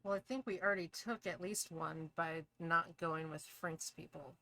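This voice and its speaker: Low-voiced woman player, wry and blunt. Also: steady tone, moderate pace, bright, forceful tone. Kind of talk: tabletop roleplay in character.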